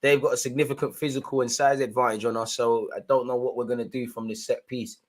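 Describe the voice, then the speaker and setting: An animated young man calls a football match live for his viewers, full of street slang. He talks in a steady, mid-pitched voice that climbs into heated outbursts aimed at the referee. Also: fast. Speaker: live match watchalong host. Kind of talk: excitable live football commentary and reaction.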